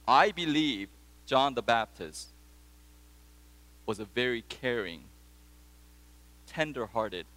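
A man's voice: medium pitch, animated, slow pace, pauses often, sharp tone, in a large hall. A man preaching a sermon, telling stories and putting questions to his congregation. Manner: storytelling, asks the congregation questions. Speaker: pastor.

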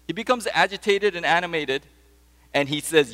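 Very animated and fairly quick, a pastor preaches with stories and questions aimed at his congregation. His fairly high voice is a bit bright, and the recording has a big-room sound.

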